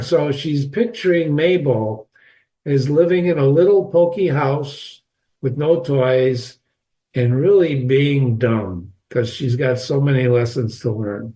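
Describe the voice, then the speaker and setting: Speaking slowly with a warm, medium-pitched voice, a male literature teacher leads a reading lesson on a novel. He talks right to his audience, chatty and emphatic.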